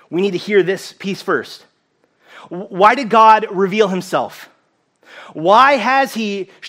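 High-voiced earnest male pastor. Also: fairly bright tone. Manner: earnest, emphatic, repeats key phrases slowly. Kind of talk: sermon.

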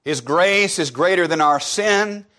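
A man preaching a sermon, emphatic and repetitive, firing off rhetorical questions and dropping to soft, low asides at the ends of phrases. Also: measured pace.

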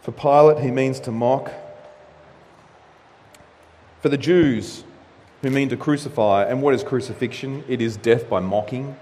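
A man preaching a sermon as pastor, lively and animated, acting out the quotes he reads. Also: mid-range voice, moderate pace, big-room sound.

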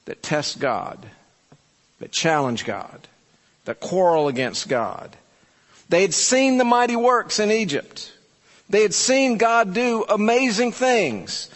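A man preaching a sermon as pastor, with measured delivery and rhetorical questions to his congregation. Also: high voice. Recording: long reverb from a large hall.

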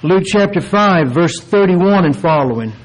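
Male preacher, higher voice, earnest and deliberate sermon delivery that stretches key words. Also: lively intonation, rough recording. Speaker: pastor.

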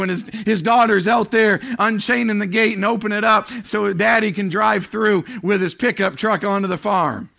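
A man preaching a sermon, swinging between loud, drawn-out emphasis and low, hushed lines. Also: creaky. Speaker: pastor.

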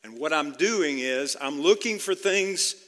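Male pastor, slightly high-pitched, bright tone, chatty sermon delivery, recorded with long hall reverb. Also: expressive, unhurried. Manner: conversational, repeats "okay?" to check in with listeners.

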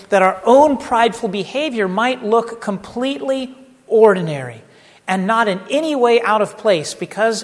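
High-voiced preacher in a reverberant hall. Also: male voice. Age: middle-aged. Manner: conversational preaching with asides and humor. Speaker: pastor. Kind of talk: sermon.

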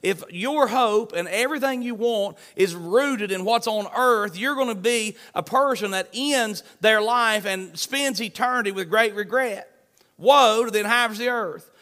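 A man's voice: high voice, a little slow, few pauses, bright, forceful tone. A male pastor preaching an online sermon in an earnest, emphatic way, repeating his refrains.

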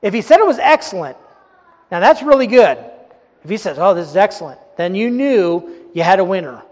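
A man in his forties delivers a sermon in a high voice, throwing rhetorical questions at his listeners and repeating key phrases. He swings between loud emphatic bursts and quiet asides. The sound rings with long reverb from a large hall. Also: big pitch swings, moderate pace. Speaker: pastor.

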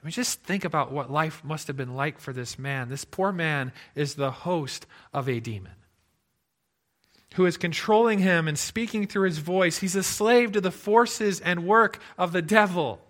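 Man, pastor preaching, bright forceful voice, slightly high, expressive. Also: normal speed. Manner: expressive preaching, shifting from loud emphasis to hushed tones. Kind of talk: sermon.

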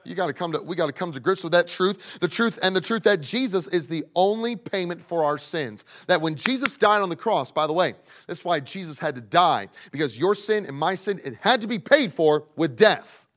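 A man preaching a sermon to young people, emphatic, swinging between loud pleading and hushed asides. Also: high voice, expressive, moderate pace, hardly any pauses. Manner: speaks directly to young people in the congregation.

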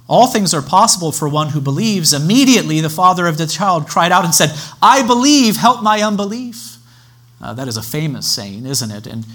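A male pastor preaching a sermon in a measured, expository way, now and then stopping to restart a phrase. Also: medium pitch, a bit bright, slightly rough.

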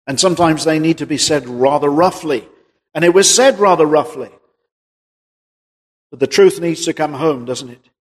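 Husky-voiced preacher in a reverberant hall. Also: male voice, a little high. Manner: earnest, rising emphasis on key words; reads scripture slowly in a raised voice. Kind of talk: sermon with scripture reading.

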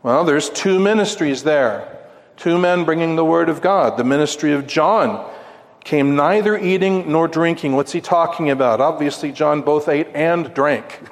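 A man's voice: a little high, a little slow. A man teaching through a Bible passage, putting questions to his listeners and answering them himself. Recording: long hall reverb.

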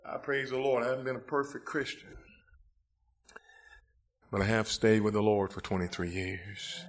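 Middle-aged man, preacher at a church altar call, fervent shouts easing into hushed pleading. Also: mid-range voice, gravelly. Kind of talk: revival sermon with altar call. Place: church sanctuary.

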